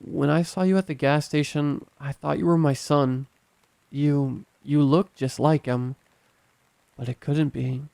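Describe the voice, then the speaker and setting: A man voicing a frail, grieving old man who talks in a halting, apologetic way, choked up with tears. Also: a little high, fairly even intonation, creaky, warm tone, dry recording. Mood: remorseful. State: choked up, crying.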